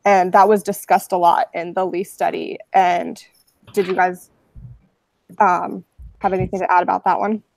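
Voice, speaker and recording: A woman's voice: lowish voice, little pitch movement, normal speed, vocal fry. A woman leading a class discussion, summarizing an article and posing questions to the group. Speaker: discussion leader in a class webinar.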